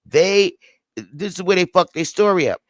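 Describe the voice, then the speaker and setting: A man's voice: high voice, normal speed, no room sound. A man hosting a livestream, arguing his point in a heated casual debate, emphatic, slangy and repeating himself. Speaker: livestream host. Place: home studio.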